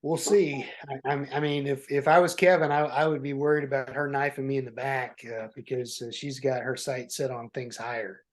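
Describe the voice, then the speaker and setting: A man's voice: medium pitch, fairly even intonation, moderate pace, hardly any pauses. Stammering man in casual political chat. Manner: stammers and restarts often when making a point. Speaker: podcast co-host.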